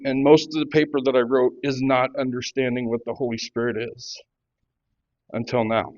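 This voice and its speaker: A man in his fifties giving a halting personal testimony, full of restarts, who grows animated as he retells a quarrel. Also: mid-range voice, lo-fi sound. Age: 50s. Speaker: workshop participant sharing testimony.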